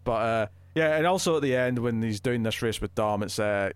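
Male podcast co-host, mid-pitched, chatty and hesitant, dry close-mic sound. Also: brisk, clear, resonant tone, no echo. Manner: chatty, hesitant with frequent restarts. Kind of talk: casual film review chat.

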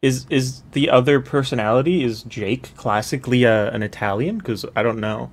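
A man co-hosting a casual podcast chat, self-deprecating and quick to laugh. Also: medium pitch. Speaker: podcast co-host.

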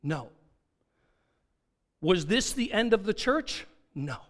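A man's voice: sits high, sing-song, takes it slowly, a bit bright. A man preaching a sermon, dramatic, asking rhetorical questions and acting out quoted dialogue. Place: church sanctuary. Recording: long hall reverb.

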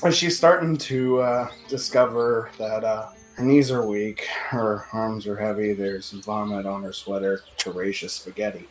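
A man's voice: fairly low pitch, steady tone, unhurried, few pauses, roomy sound, faint music behind, poor audio. A man narrating a tabletop game as game master, rambling and casual with lots of filler.

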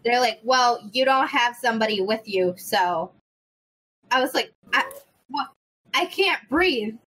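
A young woman telling a story in casual chat, animated, swearing freely and acting out the people in it. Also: a little high, a little slow, low-quality recording. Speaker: podcast host.

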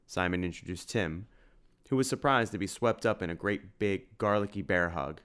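Smooth low-voiced male narrator. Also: moderate pace, fairly bright tone. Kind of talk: audiobook narration.

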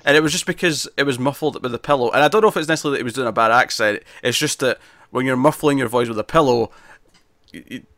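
A man talks through a film in relaxed conversation, stumbling and restarting as he goes. His voice is bright and forward, recorded close and dry with no room around it. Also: medium pitch, quick pace, no room sound. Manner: hesitant, with frequent restarts and fillers. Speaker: film reviewer. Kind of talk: casual film discussion.

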